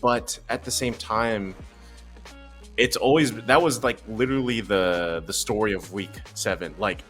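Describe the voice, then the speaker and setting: Bright-voiced man chatting excitedly. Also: on the low side, measured pace, faint music behind. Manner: upbeat, rambling, many fillers. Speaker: esports caster. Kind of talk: casual panel chat.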